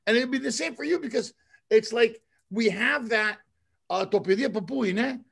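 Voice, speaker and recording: A man hosting a podcast in casual chat, relaxed and rambling, often repeating words. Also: very high-pitched, normal speed, gravelly, husky. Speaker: podcast host.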